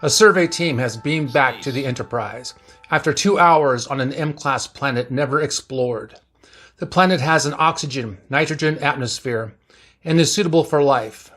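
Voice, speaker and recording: A man reading a science-fiction story aloud as narrator, in plain, even storytelling. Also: medium pitch, normal speed.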